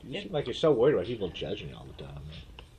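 A man from the United States co-hosting a podcast in casual banter, animated, joking and quick to defend himself. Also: fairly low pitch, a little hiss or hum. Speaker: podcast co-host.

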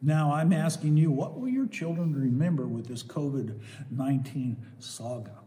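An older man preaching a sermon, swinging from loud, emphatic exclamations to soft asides. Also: on the high side, normal speed, long reverb tail.

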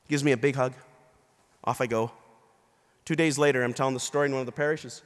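Male bishop, mid-pitched, giving a story-driven sermon in a church with a long reverb. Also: fairly even intonation, quick pace. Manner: storytelling, acting out quoted people. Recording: long reverb of a large hall.

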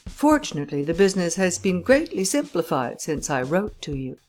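A woman's voice: lowish voice, sing-song, a little fast, darkish tone, faint music behind. A woman voicing an eager, anxious middle-aged male castle owner, exclaiming in a raised voice.

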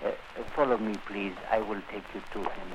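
A man's voice: lowish voice, fairly even intonation, a little fast, heavy background noise, lightly acted. A man playing an old, faithful German servant with a German accent, formal and deferential, in 1940s radio acting style.

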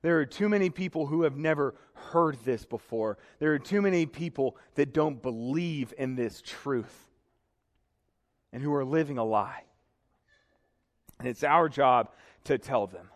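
A man's voice: mid-range voice, a little slow. A young man preaching a sermon to a congregation, earnest and emotional. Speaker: pastor. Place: church sanctuary. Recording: reverberant hall.

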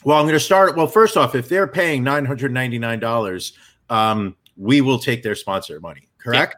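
A man's voice: normal speed, a bit bright. A middle-aged man co-hosting a casual podcast, chatting and bantering. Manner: booming mock radio-announcer voice. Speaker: podcast co-host.

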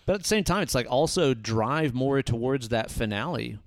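A man's voice: mid-range voice, animated, normal speed. A man co-hosting a casual movie review chat, joking and cursing freely as he riffs. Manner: profane, joking, riffs with silly voices. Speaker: podcast co-host.

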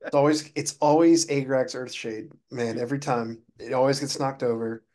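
A man co-hosting a casual gaming podcast, easygoing and quietly enthusiastic. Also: mid-range voice, fairly even intonation, moderate pace. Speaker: podcast co-host.

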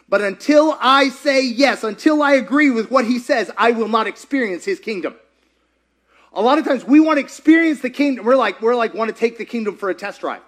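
A man preaching a sermon as a pastor, animated and conversational, often asking the audience questions. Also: very high-pitched, brisk.

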